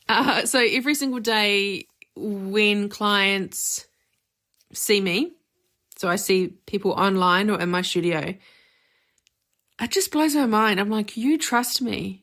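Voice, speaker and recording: A woman podcast host and therapist speaking in a candid, reflective personal monologue, conversational with casual fillers. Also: medium pitch. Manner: warm, candid and conversational, with many "like" and "you know" fillers.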